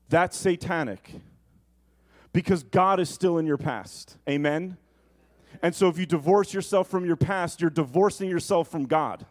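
A man preaching a sermon, animated and conversational, often asking the congregation questions. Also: on the high side, measured pace.

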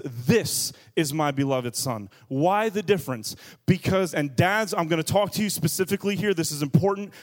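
Pastor, male, slightly high voice, lively and jokey, punches key words. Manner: lively, joking and emphatic, stressing key words. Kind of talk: sermon.

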